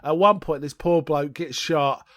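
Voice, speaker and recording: A man's voice: a little high, a little slow, fairly bright tone. A man co-hosting a podcast, casually recapping a film with lots of ums and acted-out quotes. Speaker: podcast co-host.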